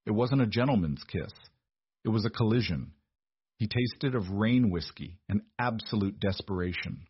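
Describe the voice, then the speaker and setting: A man narrates a romance story in a steady, measured way. His voice is low and husky. The recording sounds dull and dry, with no room echo.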